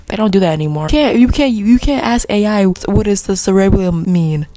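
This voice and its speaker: Young woman rambling to her camera, giggly, goes off track constantly, soft music faintly behind. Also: mid-range voice, a little fast, no echo. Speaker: vlogger. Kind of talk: casual rambling vlog. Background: faint background music.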